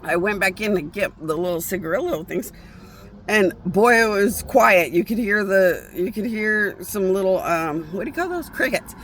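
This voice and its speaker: A woman's voice: mid-range voice, expressive, moderate pace, fairly bright tone, slight background noise. A woman vlogging a casual, rambling monologue, profane and often breaking off to restart her sentences.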